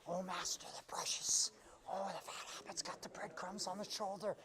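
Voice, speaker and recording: A preacher putting on the voice of a wretched, hissing creature obsessed with its treasure, in a breathy, whispery rasp. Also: male voice, high voice, fairly even intonation, normal speed, lightly acted. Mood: fixated.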